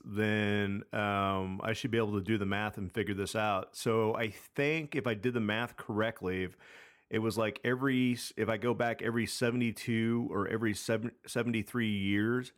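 A man's voice: lowish voice, steady tone, normal speed. A man in his thirties telling a long personal story in casual chat, rambling with many fillers and restarts. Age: 30s. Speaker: podcast co-host.

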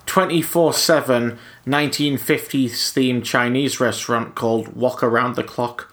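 Deadpan hesitant podcast guy. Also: mid-range voice, a little slow, a little hiss or hum. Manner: deadpan, hesitant with many ums. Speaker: podcast co-host. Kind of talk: casual podcast chat.

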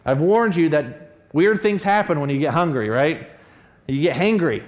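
A man delivers a sermon in a relaxed, conversational way. His voice sits a little high for a man, and he tells the story with animation, often pausing to check in with his listeners. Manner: animated storytelling, acts out quoted voices with a raised pitch; conversational, often asks "right?". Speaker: pastor.

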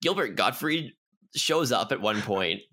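Give me a man in casual podcast chat who jokes, laughs and restarts his sentences, mid-pitched. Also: expressive, a little slow, pushed and bright. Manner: jokey, laughs often, repeats words while thinking. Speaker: podcast co-host.

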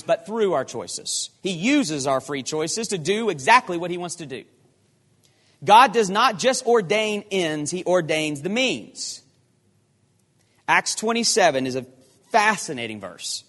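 A man preaching a sermon, emphatic and animated, firing off rhetorical questions. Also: high-pitched. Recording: long hall reverb.

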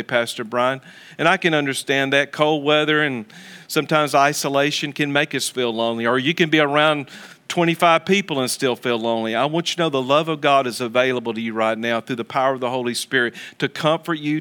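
A man's voice: fairly high pitch, bright, forceful tone, smooth. A man preaching an earnest sermon as pastor, telling stories with frequent restarts. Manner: earnest, storytelling with many restarts.

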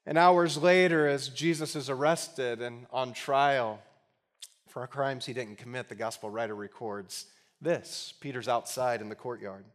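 A man preaching a sermon as pastor, conversational and emphatic with touches of humor, at times dropping into quiet, earnest appeals. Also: medium pitch, fairly even intonation, a little slow.

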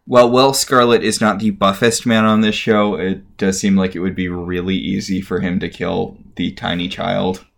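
Man co-host, very low voice, deadpan sarcastic recap chat. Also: normal speed, gravelly, hardly any pauses. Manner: dry, sardonic commentary. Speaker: podcast co-host.

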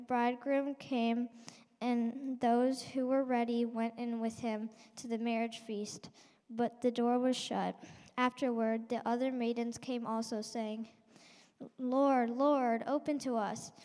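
Slow, smooth-voiced woman reading scripture. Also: a little high. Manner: slow, even, measured reading. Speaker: scripture reader. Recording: long hall reverb.

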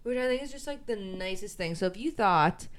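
A woman co-hosting a podcast in casual chat, playful and teasing, quick to laugh. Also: mid-range voice, expressive. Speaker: podcast co-host.

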